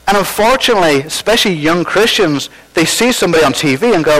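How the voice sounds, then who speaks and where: A man gives a sermon from the pulpit, his voice sitting a little higher than most men's. He talks in a loose, conversational way, pokes fun at himself and restarts his sentences. The sound comes through like a radio broadcast. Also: animated, quick pace, hardly any pauses, fairly bright tone, rough recording. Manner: conversational, self-deprecating, with false starts. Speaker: pastor.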